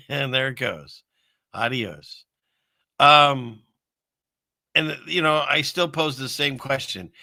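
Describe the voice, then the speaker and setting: Male livestream host, very bright tense tone, dry close sound, rambling chat with chuckles and filler words. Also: mid-range voice, no room sound. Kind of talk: casual rambling livestream commentary. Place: home setup in the Seattle area.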